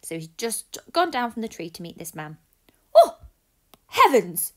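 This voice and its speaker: A woman teacher, slowly sounding out words in a phonics lesson and praising pupils. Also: lowish voice, very animated. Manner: slow, clear and encouraging, sounding out letters. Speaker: primary school teacher. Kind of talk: phonics lesson and reading a story aloud.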